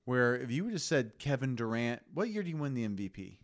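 Animated former college football player. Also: male voice, medium pitch. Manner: animated, opinionated, quick interjections. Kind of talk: casual sports chat over wine.

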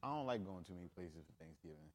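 Quick-talking laid-back man. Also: low voice, expressive. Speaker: podcast guest. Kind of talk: casual podcast chat.

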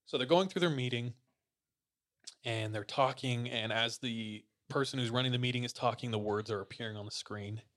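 A man hosting a podcast, casually retelling a listener's ghost story to his co-hosts in a relaxed, slangy way. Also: medium pitch, normal speed. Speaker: podcast host.

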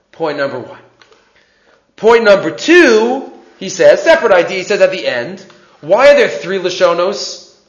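High-voiced man lecturing a class. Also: roomy sound, dull audio. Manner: conversational lecturing with rhetorical questions. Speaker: Torah class teacher.

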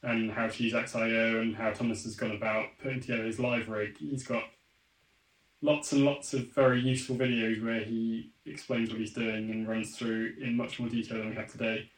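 Flat-voiced male host in an echoey room. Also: lowish voice, normal speed. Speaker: podcast host. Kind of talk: casual interview chat.

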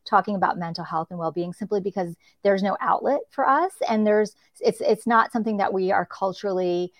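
A woman's voice: medium pitch, a little fast, dry recording. A woman executive coach speaking as a panel guest in a direct, encouraging way. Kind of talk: panel discussion.

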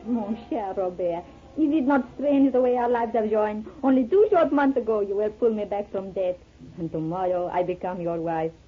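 An actress playing a mysterious young French woman saved from drowning, speaking formal, halting English with a French accent, in a 1930s radio play. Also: medium pitch, faint music behind, close to an everyday voice. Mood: tender, eerie. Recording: tinny 1930s radio broadcast.

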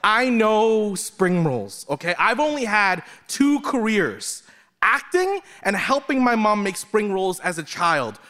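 Frantic, high-pitched male comic debater. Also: sing-song, slow, sharp tone. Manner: frantic, theatrical, teasing. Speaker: comedy debater. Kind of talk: live stand-up debate. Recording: live audience, noisy stage. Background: audience laughter.

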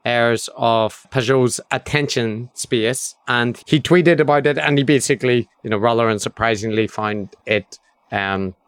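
A man co-hosts a podcast in casual chat, wry and ironic, laughing often. His voice sits at a middling pitch. The recording is dry and close. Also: measured pace, clear, resonant tone, no echo. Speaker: podcast co-host.

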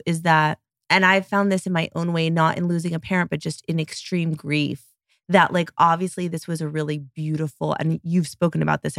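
Gentle host with heavy vocal fry. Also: female voice, low voice, no echo, clean studio sound. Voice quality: gentle, affirming. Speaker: podcast host. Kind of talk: casual interview chat.

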